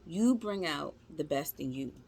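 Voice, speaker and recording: A woman's voice: low-pitched, lively intonation, measured pace, darkish tone, a little hiss or hum. A woman giving a casual tarot reading, talking to her viewers in a chatty, slangy, encouraging way. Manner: slangy, informal speech. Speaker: tarot reader.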